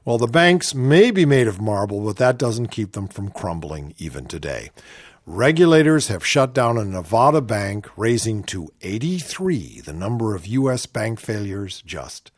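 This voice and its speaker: A male talk radio host with a lively, swinging delivery who reads out news stories and then cuts in with sarcastic jabs. He sounds close and dry on the mic, with no room around him. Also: on the low side, normal speed, no room sound. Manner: sardonic, reads news items aloud with mocking asides. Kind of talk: political talk radio commentary.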